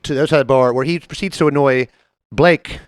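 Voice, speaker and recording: A man co-hosting a podcast, telling a story in casual chat, animated and laughing often as he acts out the people in it. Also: mid-range voice, quick pace, clear, resonant tone. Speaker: podcast co-host.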